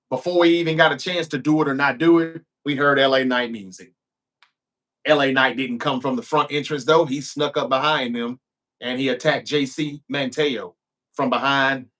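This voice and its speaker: A man recaps a wrestling show in an easy, conversational way, with a voice that sits a little higher than most men's. He slips into the wrestlers' lines as he retells each scene. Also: a bit bright. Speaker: show host.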